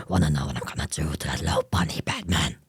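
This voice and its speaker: A woman voicing the Joker as a menacing male villain in a deep, gravelly, half-whispered growl. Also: no echo, clean studio sound, exaggerated voice. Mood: menacing taunt. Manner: taunting, drawn-out and sinister.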